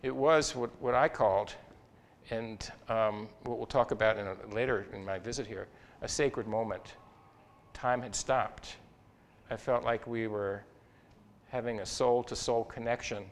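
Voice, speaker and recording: An older man, a psychology professor, telling a personal story in a talk, expressive and reflective, with small restarts. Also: a little slow, slight background noise. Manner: expressive, rises and falls in pitch and loudness while recounting.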